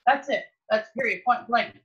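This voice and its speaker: A woman's voice: a little high, normal speed, fairly bright tone, muffled recording. A woman wrestler chatting casually on a video call, enthusiastic and emphatic.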